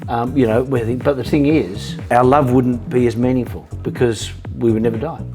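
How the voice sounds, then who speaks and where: A man's voice: mid-range voice, moderate pace, music in the background. An Australian man as an interview guest, chatting animatedly with frequent restarts. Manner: animated storyteller with many restarts. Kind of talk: casual interview chat.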